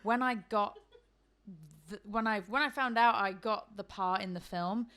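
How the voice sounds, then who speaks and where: A young adult woman from the Isle of Man, a guest in a casual chat, telling lively stories and mimicking the people in them. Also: medium pitch, measured pace. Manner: lively storyteller, mimics family and crew in quotes.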